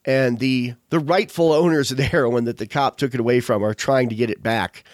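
A man's voice: medium pitch, fairly even intonation, a little fast, no echo, clean studio sound. A man hosting a show, chatting casually in a rambling, digressive way full of fillers. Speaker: podcast host. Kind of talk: casual chat.

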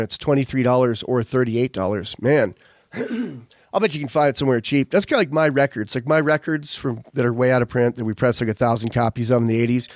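A man talks in loose, rambling casual chat, drifting from one tangent to the next with plenty of fillers. His voice sits at an ordinary middle pitch. The sound is dry and close, with no room around it. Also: dry recording. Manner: rambling, digressive, frequent fillers. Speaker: podcast host.

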